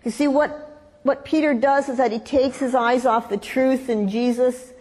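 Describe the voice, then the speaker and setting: A woman preaching a sermon, telling a story in a lively way and acting out the voices in it. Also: high-pitched, moderate pace. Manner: animated storytelling, acts out voices in quotes. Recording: long hall reverb.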